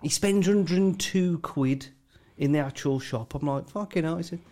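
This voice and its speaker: A man's voice: fairly high pitch, unhurried, dark tone. A man, swearing and teasing his mates in casual banter. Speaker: podcast co-host.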